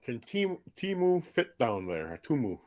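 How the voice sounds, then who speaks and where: A man's voice: medium pitch, very animated, unhurried, darkish tone. A man playing a tabletop game in an easygoing, joking way. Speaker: player. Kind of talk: casual tabletop play.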